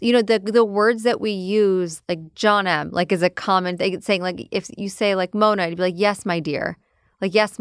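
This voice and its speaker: A woman guest in a podcast interview, chatty and animated, laughing easily. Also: fairly low pitch, smooth, dry recording, clean studio sound. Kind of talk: interview conversation.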